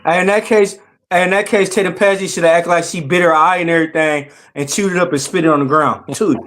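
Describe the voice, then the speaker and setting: A man's voice: high-pitched, steady tone, fairly quick, fairly bright tone, slight background noise. A man co-hosting a casual wrestling podcast, speaking emphatically in slangy speech. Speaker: podcast co-host. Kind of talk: casual wrestling review chat.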